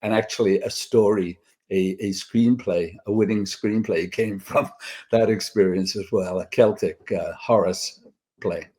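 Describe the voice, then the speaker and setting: Mellow-voiced older man telling stories. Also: fairly low pitch, fairly even intonation, a little slow, husky. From Britain. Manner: rambling, with many fillers and restarts. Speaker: guest screenwriter. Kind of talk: casual storytelling interview.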